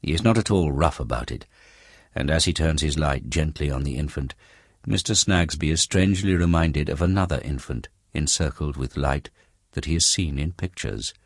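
Very deep-voiced male narrator. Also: no echo, clean studio sound. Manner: measured, descriptive reading. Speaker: audiobook narrator. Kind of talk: scripted narration.

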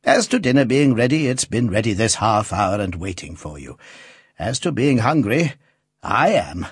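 A kindly old instrument maker, read by a man, talks in a fussy, musing way and teases with warmth. His voice is husky and moves up and down freely. The sound is dry and close. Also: lowish voice, very animated, moderate pace, no echo, full character voice. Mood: cheerful teasing. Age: older. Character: good-natured old male instrument maker.

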